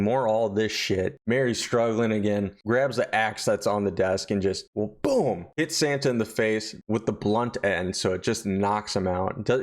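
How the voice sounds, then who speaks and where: Profane, animated male film reviewer. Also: fairly low pitch. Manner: profane, animated, jokey storytelling. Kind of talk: casual comedic plot recap.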